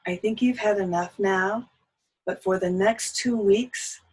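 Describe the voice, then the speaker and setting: A woman teaching a singing lesson, speaking gently and breaking into soft sung lullaby phrases. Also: mid-range voice, unhurried, breathy edge, rough recording.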